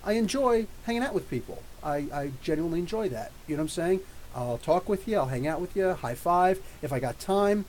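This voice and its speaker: A middle-aged man hosting a live question-and-answer podcast, ranting in an animated, profane, mocking way. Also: high voice, a little fast, a little hiss or hum, rough recording. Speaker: podcast host. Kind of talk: live Q&A rant.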